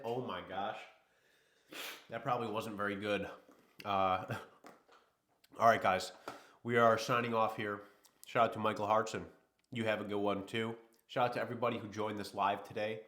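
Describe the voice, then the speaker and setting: A man's voice: on the low side, fairly even intonation, normal speed, pauses often, a bit bright. A man hosting a livestream, chatting casually and rambling while a little sick. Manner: rambling, easygoing, talks to chat. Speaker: livestream host.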